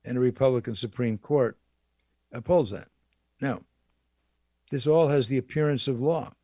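A man delivers an impassioned political speech, piling up rhetorical questions and repeating his key phrases for emphasis. His voice sits at an ordinary male pitch, and the recording is dry and close with no room sound. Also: normal speed, dark tone, no room sound. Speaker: political speaker.

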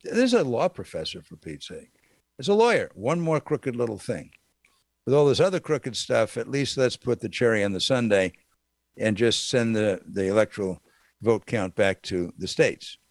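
A man hosting a political talk show, delivering an opinionated monologue in an indignant, sarcastic way with sudden high exclamations. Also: expressive, moderate pace, no room sound, studio quality.

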